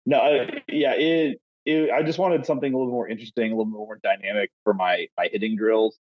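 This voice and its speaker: A man's voice: medium pitch, fairly even intonation, a little fast, no echo. Rambling man, slightly dull recording. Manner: rambling storyteller with many restarts. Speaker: podcast co-host, youth baseball coach. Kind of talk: casual chat.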